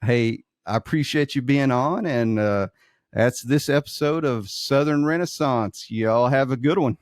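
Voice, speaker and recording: 40s dude hosting a podcast, joking around, dry close sound. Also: male voice, mid-range voice, unhurried, no echo. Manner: easygoing, jokey, laughs often. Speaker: podcast host. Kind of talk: casual interview chat.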